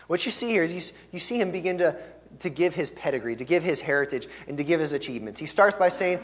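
An earnest male pastor preaching, his voice sitting a little high for a man. He presses hard on key words and then lets phrases fall away quietly. The sound rings with the long reverb of a large church hall. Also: expressive, fast. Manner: earnest and emphatic, swelling on key words then dropping soft. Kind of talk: sermon.

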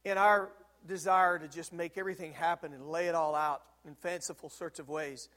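A male pastor preaching a sermon, telling stories with emphatic swings from loud peaks to quiet, low moments. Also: steady tone, normal speed, big-room sound. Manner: storytelling, emphatic, rises to loud peaks then drops low. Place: church sanctuary.

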